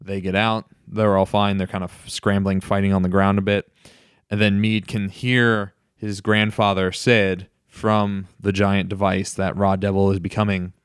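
A man co-hosting a podcast, casually retelling a film's plot with animated storytelling. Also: low-pitched, unhurried, smooth, no echo, studio quality. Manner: animated storyteller, acts out lines. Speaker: podcast co-host. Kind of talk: casual chat recapping a film.

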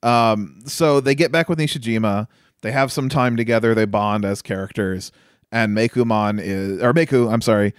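A man's voice: fairly low pitch, clear, resonant tone, dry recording, clean studio sound. A man co-hosting a casual film review chat, chatty and incredulous, often laughing. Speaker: podcast co-host reviewing a film.

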